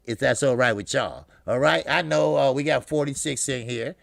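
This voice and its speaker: A man hosting a live boxing talk stream, loud and profane, laughing often and calling out greetings to chatters. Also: mid-range voice, moderate pace, creaky, dry recording, studio quality. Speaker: boxing talk show host.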